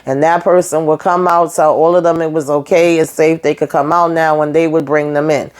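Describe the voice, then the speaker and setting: A woman's voice: low voice, a little fast. A woman recapping a TV episode in a casual, chatty way. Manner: chatty, animated retelling with acted quotes and asides. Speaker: YouTube reviewer.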